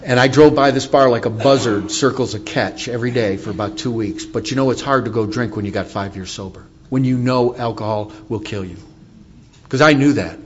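A man's voice: medium pitch, brisk, lo-fi sound, a little hiss or hum. A middle-aged man telling his recovery story to an audience, candid and wry as he speaks.

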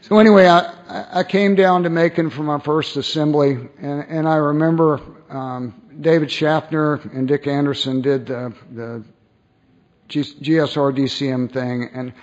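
A man tells a personal story in a lively way, stopping and restarting and putting on voices for the people he quotes. His voice sits a bit high for a man. The recording is dull and lo-fi. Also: normal speed. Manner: animated, acts out quoted voices, frequent restarts. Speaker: speaker sharing his recovery story.

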